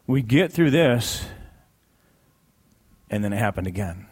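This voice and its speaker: A man's voice: fairly low pitch, lively intonation, measured pace, breathy edge. A man sharing a personal testimony in a sermon, conversational and emphatic, repeating key phrases for weight. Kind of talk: sermon storytelling.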